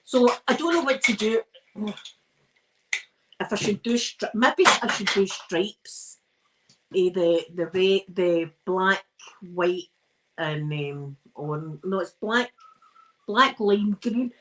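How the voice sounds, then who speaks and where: A woman's voice: mid-range voice, slow, long pauses, fairly bright tone, slight background noise, low-quality recording. A tired Scottish woman chatting casually while ironing on a livestream, rambling and self-mocking between yawns. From Scotland. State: tired and yawning. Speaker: ASMR livestream host.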